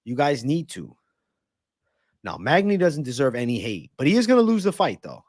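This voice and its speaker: A young man hosting a live fight-talk stream, brash and swearing freely as he banters with viewers. His voice swings lively up and down, and the sound is dry and close with no room around it. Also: medium pitch, moderate pace, dry recording. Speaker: livestream host and fight analyst. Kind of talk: casual live-stream chat.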